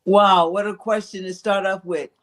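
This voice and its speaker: A woman guest on a talk stream, telling family history in a reflective, unhurried way with frequent pauses. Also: mid-range voice, steady tone. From Philadelphia, living in South Carolina. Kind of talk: casual interview storytelling.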